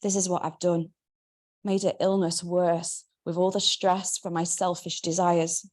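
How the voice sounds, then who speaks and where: Woman reading her memoir, lowish voice. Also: level tone, darkish tone. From Manchester, England. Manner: wry, measured first-person narration. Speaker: memoir author.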